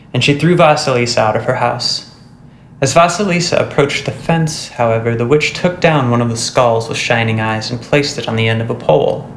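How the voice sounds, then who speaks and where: A man narrating a fairy tale storybook in a steady, measured way. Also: mid-range voice, roomy sound, slight background noise, poor audio. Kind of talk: storybook reading.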